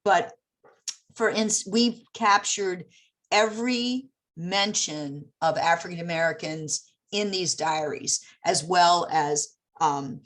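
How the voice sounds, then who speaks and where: A woman with a somewhat low voice gives a presentation over a video call. She speaks in a halting way, full of ums and uhs, as she works through her points. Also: a bit bright. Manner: halting, many fillers. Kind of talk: virtual presentation talk.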